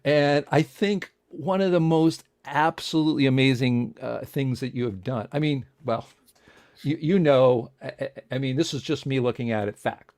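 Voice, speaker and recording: A man's voice: mid-range voice, a little mellow, no room sound. Rambling male host, dry sound. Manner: rambling, fast-thinking, leaves sentences unfinished, many fillers. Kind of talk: casual interview talk.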